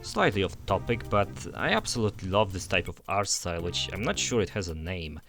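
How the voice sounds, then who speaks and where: A man's voice: deep voice, very animated, fairly quick, fairly bright tone, soft background music. A young man narrating a scripted game review voice-over in an enthusiastic, conversational way.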